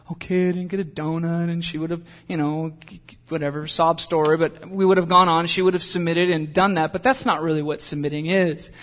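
A man's voice: a little high, a bit bright. A young adult man preaching as a pastor, talking conversationally with jokes and personal asides. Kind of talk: sermon.

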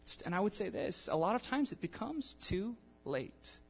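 High-voiced young male preacher in a church. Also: moderate pace, gravelly, slightly rough. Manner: animated, conversational, acts out quotes. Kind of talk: sermon. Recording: long church-hall reverb.

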